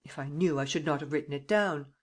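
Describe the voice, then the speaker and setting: A woman's voice: low-pitched, a little fast, a little mellow. A woman reading an audiobook, voicing a wary rich businessman who answers curtly and guardedly. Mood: evasive. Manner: curt, guarded.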